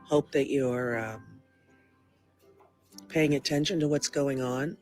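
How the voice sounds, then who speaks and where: Rambling halting man, faint music behind. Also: medium pitch, a little mellow. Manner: halting, rambling, clears throat often. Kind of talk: rambling home video monologue.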